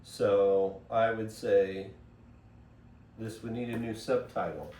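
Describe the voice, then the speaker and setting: A man's voice: lowish voice, fairly even intonation, slow pace, darkish tone. A man hosting a casual spiritual monologue, rambling and digressive, recorded on a phone. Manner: rambling, digressive, self-interrupting. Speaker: host. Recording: echoey room, voice from far off, faint hiss.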